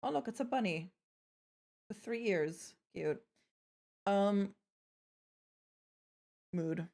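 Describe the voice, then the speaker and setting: A woman's voice: medium pitch, lively intonation, very slow, gravelly, warm tone. A young woman streaming live, chatting playfully with her viewers, joking and swearing as she goes. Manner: playful, chatty, swears freely, trails off and restarts.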